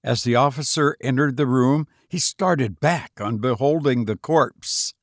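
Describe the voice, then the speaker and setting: Brief: male narrator, unhurried and deliberate, very dry close sound. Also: mid-range voice, no room sound. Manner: measured, deliberate delivery. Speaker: podcast host and narrator. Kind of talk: scripted story reading.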